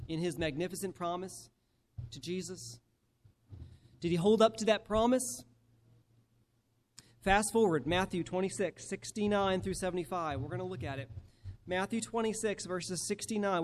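A male preacher giving a sermon and reading scripture aloud, emphatic and slowing down to stress key phrases. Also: sits high, darkish tone.

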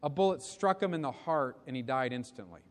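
A man's voice: mid-range voice, lively intonation, a little fast, voice pushed down, lightly acted. A man doing a humble, hesitant young soldier. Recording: long reverb of a big hall.

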